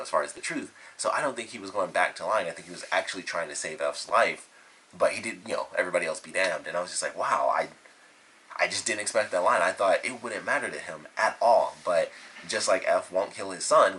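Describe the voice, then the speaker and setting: Low-voiced man rambling through a TV review. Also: pushed and bright, husky, rough recording. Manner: rambling, enthusiastic, loose retelling with many fillers. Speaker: TV episode reviewer. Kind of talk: casual spoken review.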